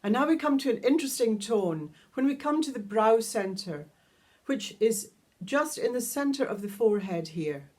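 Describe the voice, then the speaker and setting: A woman teaching a guided vocal toning lesson, calmly explaining each step and singing long vowel tones. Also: a little high, normal speed. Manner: calm, instructive, demonstrates sustained vowel tones. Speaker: sound healing teacher.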